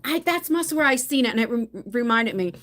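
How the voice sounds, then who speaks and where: A woman's voice: fairly high pitch, animated, a little fast, fairly bright tone. A middle-aged woman chatting casually on a live phone stream, telling family stories with many restarts. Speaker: vlogger.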